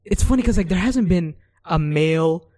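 A man's voice: high voice, lively intonation, moderate pace, a little mellow. A young man co-hosting a casual podcast, talking hesitantly with many fillers and restarts. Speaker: podcast co-host. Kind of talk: casual chat.

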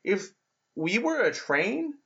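A man's voice: high voice, very animated, slow, vocal fry, sharp tone. A young American man with an American accent, co-hosting a casual podcast chat in a playful, teasing way. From United States. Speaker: podcast co-host. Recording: dull lo-fi sound.

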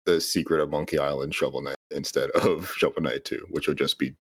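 A man's voice: extremely low pitch, fairly even intonation, brisk, slightly rough, no echo, clean studio sound. A man in a casual game review discussion, musing in a laid-back, wry way.

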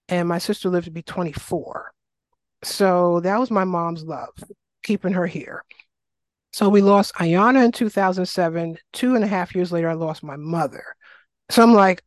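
A middle-aged woman from New York speaks as an interview guest, recounting her life in an animated, conversational way. She slips into little voices for the people she quotes and leans on plenty of ums and likes. The sound is dry and close, with no room around it. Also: lowish voice, normal speed, no echo. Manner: animated, acts out quoted voices, frequent fillers. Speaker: guest, wellness coach. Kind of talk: casual interview storytelling.

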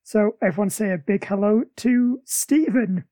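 A man's voice: high-pitched, warm tone, dry recording. A man hosting a comic-book podcast, chatting casually with a playful, jokey manner. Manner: playful, jokey, quick asides. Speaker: podcast host.

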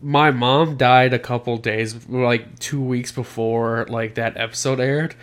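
Male podcast host, mid-pitched voice, relaxed swearing banter among friends. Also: unhurried. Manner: loose, profane, laughing banter. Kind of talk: casual chat.

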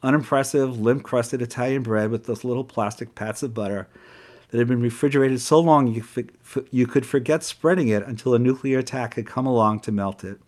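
A man's voice: medium pitch, fairly quick, a little mellow. Male narrator, wry memoir reading, sarcastic edge. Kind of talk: first-person storytelling.

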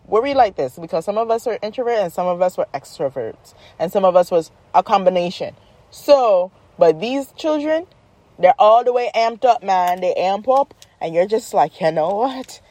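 Woman, mellow, casual joking storytelling, dry close sound. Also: medium pitch, moderate pace, no room sound. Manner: rambling, joking, animated retelling. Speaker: mother, vlogger.

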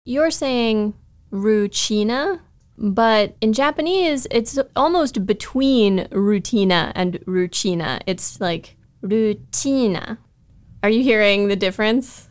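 A woman's voice: on the high side, a little slow, few pauses. A woman co-hosting a casual podcast who chats in an easygoing way and reads recaps. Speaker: podcast co-host.

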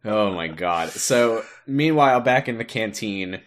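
A man's voice: fairly low pitch, unhurried. Laughing man retelling scenes on a call. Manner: animated storyteller, laughs often, swears. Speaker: podcast co-host. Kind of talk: casual chat recapping a TV episode. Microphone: home mic on an online call.

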